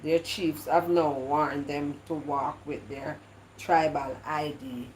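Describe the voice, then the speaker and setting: Jamaican woman vlogger, lowish voice, rambling patois chat, echoey room with faint hum. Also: steady tone, takes it slowly, a little mellow. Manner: chatty, patois-laced, stumbles and repeats words. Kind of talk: casual live-stream chat.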